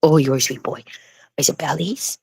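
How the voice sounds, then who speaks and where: Woman talking sweetly to a pet, soft baby talk, dry close sound. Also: sits low, normal speed, gravelly, slightly rough, dry recording.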